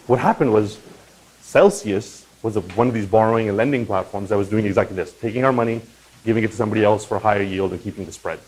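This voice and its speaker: A man hosting a crypto channel, talking in a casual, animated explainer style and often checking in with "right?" and "okay?". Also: lowish voice, poor audio. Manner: animated, swings into loud mock voices and profanity; conversational with frequent "right?" and "okay?".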